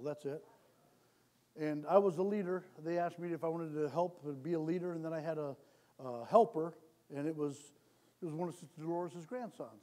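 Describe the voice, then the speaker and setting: High-voiced man preaching with mounting fervor. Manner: repetitive, calls for amens, builds to loud exhortation. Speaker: lay preacher. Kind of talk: sermon. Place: church sanctuary.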